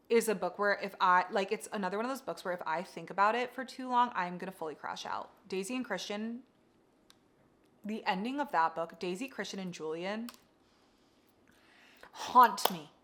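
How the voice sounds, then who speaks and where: A young woman chatting casually about books she loves, gushing, excitable and swearing freely. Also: mid-range voice. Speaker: book vlogger. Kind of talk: casual book review chat.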